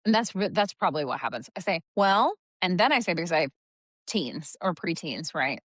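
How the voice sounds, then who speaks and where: Middle-aged woman cohosting a parenting podcast, lowish voice, chatty, dry close sound. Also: expressive, a little fast, no echo. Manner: chatty, quoting herself in a sing-song voice. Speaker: podcast co-host. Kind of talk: casual parenting chat.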